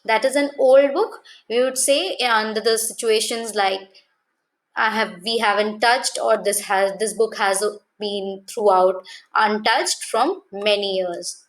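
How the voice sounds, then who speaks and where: A woman teaching a language lesson, explaining slowly and carefully, asking rhetorical questions and correcting herself as she goes. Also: mid-range voice, steady tone, poor audio.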